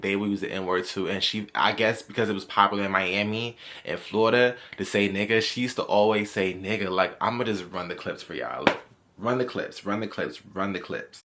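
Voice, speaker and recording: New guy doing storytime commentary, kinda low but bright and punchy, keeps repeating himself. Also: a little fast, few pauses. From New York. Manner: chatty, repetitive, animated storytelling. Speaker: commentary vlogger.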